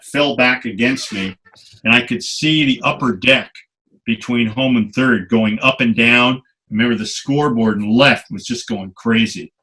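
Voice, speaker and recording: Older guy telling stories on a podcast, bright edgy voice, swears a bit. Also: medium pitch. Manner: animated anecdotes, salty language. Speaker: guest photographer. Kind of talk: storytelling interview.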